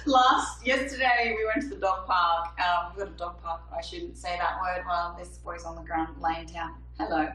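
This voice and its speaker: A bubbly young woman talks between songs on a livestream from her apartment, reading viewers' comments aloud. Her voice is bright and lively, and the room sounds echoey with the mic set back from her. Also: fairly low pitch, normal speed, few pauses, recorded from a distance. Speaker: singer-songwriter hosting a livestream.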